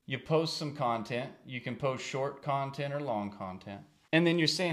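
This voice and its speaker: A middle-aged man coaching viewers on selling online courses, talking straight to camera in a chatty, persuasive way and often acting out the pitches he suggests. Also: normal speed, hardly any pauses. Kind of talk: talking-head marketing talk to camera.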